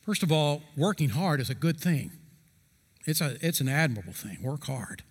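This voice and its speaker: A middle-aged man preaching a sermon as a pastor, earnest and emphatic, stretching key phrases slowly for stress. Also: a little high, sing-song, breathy edge, big-room sound.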